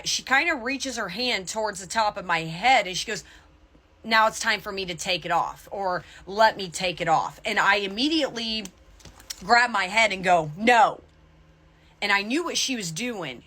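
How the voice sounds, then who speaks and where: A woman's voice: medium pitch, sharp tone. A young adult woman tarot reader talking to the camera in a chatty spiritual vlog, often checking in with "okay?". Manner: chatty, repeats "okay?" to the viewer.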